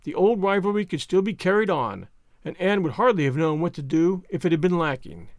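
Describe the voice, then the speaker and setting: High-voiced male storyteller. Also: animated, a little fast, dry recording, studio quality. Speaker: audiobook narrator. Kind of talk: scripted narration.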